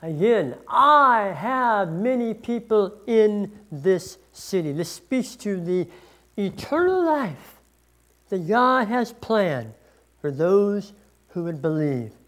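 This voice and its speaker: A preacher delivering a sermon at an unhurried, measured pace, pausing between phrases. Scripture is read aloud with weight and stress on key words, and the voice sits at a middling pitch. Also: big pitch swings, a bit bright. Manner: slow, deliberate preaching, reading scripture aloud with emphasis. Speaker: pastor.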